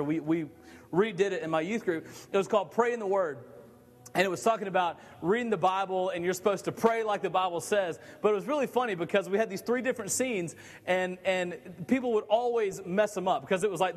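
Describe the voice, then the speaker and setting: A man preaching a sermon as pastor, telling stories with lively, repeated emphasis. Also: high voice, in a large hall. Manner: animated storytelling, repeats words, rises for emphasis. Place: church meeting in a skating rink.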